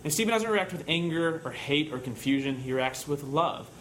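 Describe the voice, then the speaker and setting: Guy giving a sermon, kinda high voice, chatty storytelling, little rhetorical questions, faint hiss behind. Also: animated, normal speed, a bit bright. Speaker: preacher.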